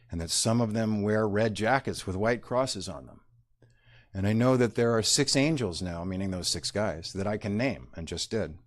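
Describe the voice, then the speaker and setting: A deep, low-pitched man in middle age tells a personal story to an audience. He speaks haltingly, pausing and reaching for words as he reflects. His voice carries emotion and stays close to tears. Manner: halting, reflective, many pauses and fillers.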